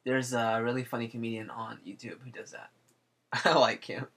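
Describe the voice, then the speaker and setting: A man's voice: mid-range voice, slow, creaky, long pauses, fairly bright tone, slightly rough. A man hosting a live drawing stream, rambling and joking with viewers and talking himself through his work. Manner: rambling, jokey, talks to himself while working. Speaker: livestream artist host. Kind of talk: casual chat while drawing live.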